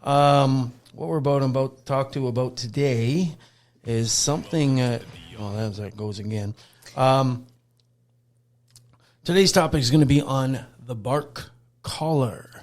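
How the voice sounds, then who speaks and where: A man's voice: mid-range voice, measured pace. A man hosting a dog-training podcast, chatting loosely with lots of fillers and restarts. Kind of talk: casual podcast chat.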